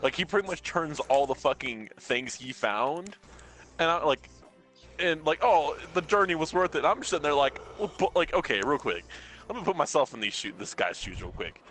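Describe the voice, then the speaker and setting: A man's voice: medium pitch, big pitch swings, fairly bright tone, faint music behind. A man co-hosting a casual podcast, talking bluntly with profanity. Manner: blunt, profane, quick reactions. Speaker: podcast co-host. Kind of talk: casual chat.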